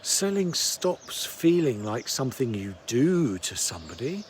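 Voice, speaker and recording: A man who coaches sales, giving a reflective storytelling talk in a measured way that trails off softly at the ends of phrases. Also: medium pitch, big pitch swings, slight background noise.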